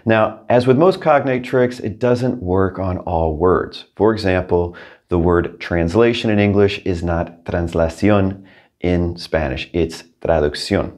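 Low-voiced man teaching Spanish. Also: a little slow, a little mellow. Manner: patient, clear, repeats each word twice. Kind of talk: scripted language lesson.

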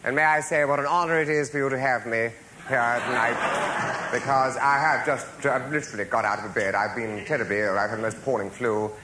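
A man's voice: medium pitch, fairly even intonation, fairly quick. A man hosting a cabaret show, delivering camp, theatrical comic patter in a nasal voice. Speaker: cabaret host. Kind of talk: comic stage monologue. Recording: roomy stage with audience and hiss.

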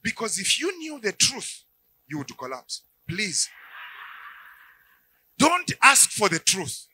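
A man preaching a sermon, animated, acting out little dialogues and shouting at the high points. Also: takes it slowly, husky, poor audio.

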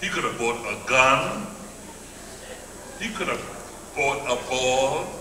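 A man's voice: medium pitch, lively intonation, takes it slowly, bright, forceful tone. A man from Trinidad with a Trinidadian accent, telling a theatrical story in a playful, flamboyant way and repeating words for effect. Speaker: honoree giving a speech. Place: large event hall. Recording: echoey hall, far from the mic, noisy.

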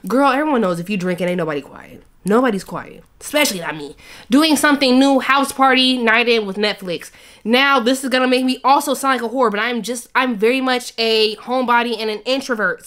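A woman in her twenties reading out a quiz in a casual, playful chat full of slang and quick asides. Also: on the high side, a bit bright. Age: 20s. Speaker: YouTuber.

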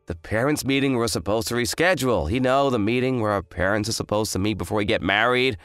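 A man's voice: fairly low pitch, fast, fairly bright tone, clear, resonant tone, no room sound, studio quality, soft background music, close to an everyday voice. A man voicing an arrogant, hungover young fiancé who talks in a smug, dismissive drawl. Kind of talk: dramatized story voice acting.

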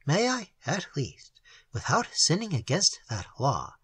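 A man voicing a curious, forward young woman of a tall winged race in a storybook reading, speaking softly and inquisitively with a slightly raised voice. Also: fairly high pitch, huge pitch swings, a little slow, breathy edge, dry recording, full character voice.

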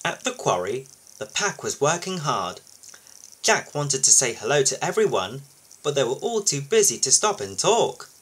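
A man reading a children's picture book aloud for his video channel, expressive and lively. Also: mid-range voice, moderate pace, slightly rough, low-quality recording. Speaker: YouTube storybook reader.

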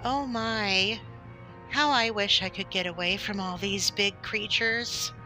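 A woman voicing a tiny, frightened mouse in a storybook reading, with a high, squealing, pleading manner. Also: slow, pushed and bright, soft background music.

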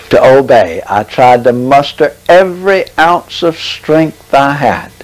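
A man giving a testimony sermon, preaching dramatically with long pauses and slow, stressed phrases. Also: mid-range voice, animated, rough recording.

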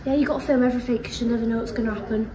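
A woman's voice: a little high, fairly even intonation, rapid-fire, background noise. A young woman from Dorset, talking in a put-on Liverpool accent, chatting and giggling casually in a vlog while getting ready outdoors at a stable. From Dorset, England. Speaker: young rider and vlogger. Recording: music playing over the voice.

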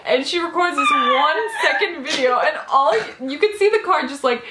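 A woman's voice: high voice, expressive, normal speed, echoey room, a crowd in the background. Giggly teen girl chiming in. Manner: laughing, chiming in. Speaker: co-host friend. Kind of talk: casual storytelling. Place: home room.

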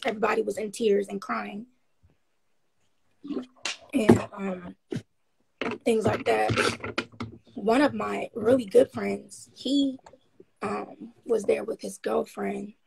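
A woman guest telling her story in a casual interview, frank and upbeat, rambling with many pauses and ums. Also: medium pitch, level tone, gravelly, darkish tone, a little hiss or hum, poor audio.

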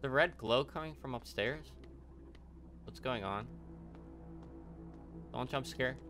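A man's voice: medium pitch, slow, over music. A young man playing a horror game, reacting jumpily, swearing and talking to himself. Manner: jumpy, swearing, talks to himself. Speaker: let's play gamer.

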